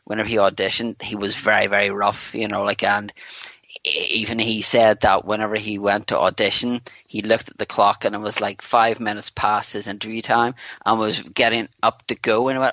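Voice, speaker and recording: A man's voice: fairly low pitch, flat delivery, fairly quick, sharp tone, no room sound. A man talking as a podcast guest in casual chat, rambling with lots of "you know" and restarts. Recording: dull lo-fi dry recording.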